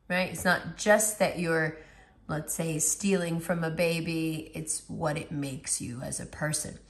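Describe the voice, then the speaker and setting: A woman with a hoarse, partly lost voice giving a casual tarot reading, talking conversationally and asking her listeners rhetorical questions. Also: fairly low pitch. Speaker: tarot reader.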